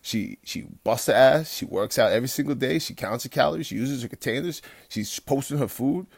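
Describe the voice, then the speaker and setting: A fitness coach talking bluntly and profanely from home at night, rambling with restarts and turning loud and heated as he rants. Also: medium pitch, brisk, creaky, no room sound, clean studio sound. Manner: gets loud and heated when ranting. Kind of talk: late-night livestream pep talk.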